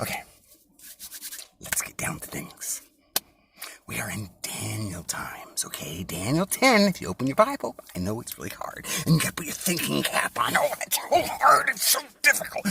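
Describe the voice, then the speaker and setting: A man preaching an informal sermon in a mocking, conspiratorial tone, dropping into whispers and then rising to loud outbursts. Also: high-pitched, huge pitch swings, normal speed, vocal fry, husky. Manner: swings between hushed whispers and loud, sarcastic exclamations. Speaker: self-made online preacher.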